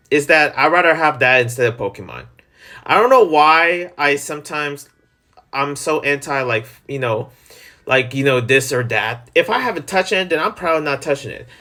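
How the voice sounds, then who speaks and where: A man hosting his own channel, chatting casually and rambling about news and video games with jokes and sudden pitch swings. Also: sharp tone. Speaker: channel host. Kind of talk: casual solo gaming chat.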